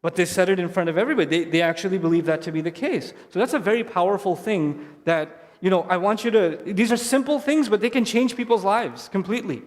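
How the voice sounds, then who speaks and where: A man's voice: high-pitched, quick pace, hardly any pauses. A man giving an earnest, conversational Islamic talk on stage to families, repeating key phrases for emphasis. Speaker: Islamic speaker addressing families. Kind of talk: live lecture to an audience. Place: stage in a large hall. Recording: long hall reverb from a live event.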